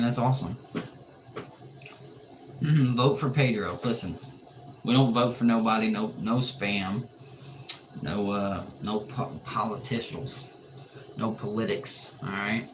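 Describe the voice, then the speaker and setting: A tired man with a low voice hosts a late-night livestream, reading comments and joking back in an easygoing way. His audio comes through with clear background noise. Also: fairly even intonation, a little slow, pauses often. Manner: laid-back, joking, reads and answers chat comments. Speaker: livestream host.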